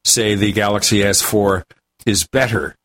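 A man's voice: lowish voice, steady tone, unhurried, a bit bright. A man hosting a tech radio talk show, chatty and joking with his guest. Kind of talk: casual radio chat.

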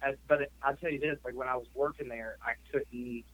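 A man's voice: mid-range voice, fairly even intonation, a little fast, a bit bright, low-quality recording. A man hosting a podcast, telling a story in casual chat and rambling with lots of "like" and "you know.". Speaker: podcast host.

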